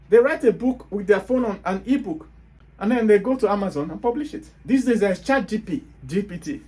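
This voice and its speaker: A Nigerian man with a Nigerian accent and a high-pitched, slightly mellow voice hosts a motivational monologue. He's emphatic and hectoring, driving his points home with rhetorical questions.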